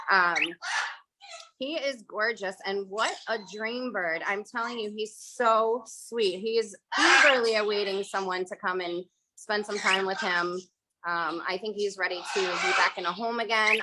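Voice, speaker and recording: Chatty woman over loud bird squawks. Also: medium pitch, very noisy. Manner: chatty, many filler ums, sweet baby talk to birds. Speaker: parrot rescue facility director. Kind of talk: walkthrough tour on a video call. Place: indoor bird rescue room. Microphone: phone or laptop on a video call. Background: loud squawking and chirping birds.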